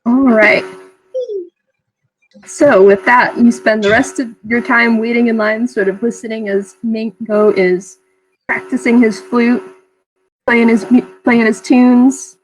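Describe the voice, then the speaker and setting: Woman gm narrating a tabletop game, high voice, easygoing chatty style. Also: steady tone, slow, poor audio. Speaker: game master.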